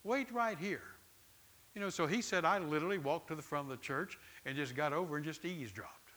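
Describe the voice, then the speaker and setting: A middle-aged pastor, preaching in a conversational, storytelling way and often repeating words. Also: male voice, fairly high pitch, fast, sharp tone. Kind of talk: sermon.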